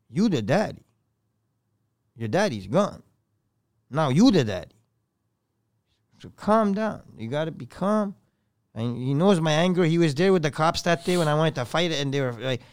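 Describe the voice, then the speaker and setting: A man with a notably high speaking voice talks as a podcast guest in a dry, close recording. He rambles and swears freely, his delivery rising and sinking with strong feeling as he tells his story. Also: smooth, no echo. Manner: rambling, swears often, voice swells and drops with feeling. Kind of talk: emotional conversational storytelling.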